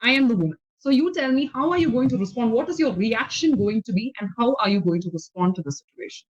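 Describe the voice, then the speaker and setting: High-voiced Indian English teacher, patient. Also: female voice, animated, fast, slightly rough. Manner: patient, explanatory, frequent okay checks. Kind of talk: online English conversation lesson. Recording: slightly dull lo-fi audio.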